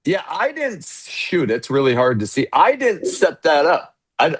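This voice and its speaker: A man's voice: a little high, big pitch swings, measured pace, breathy edge, no echo. Man hosting a casual video-call interview. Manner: short interjections, hesitant questions. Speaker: interview host.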